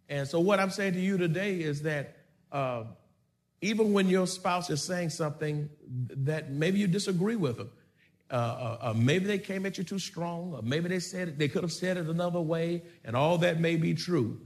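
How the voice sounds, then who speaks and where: Brief: male pastor preaching, slightly higher voice, builds to loud calls and asks the room questions. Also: normal speed. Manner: preaching with call-and-response questions and rising volume. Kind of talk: sermon.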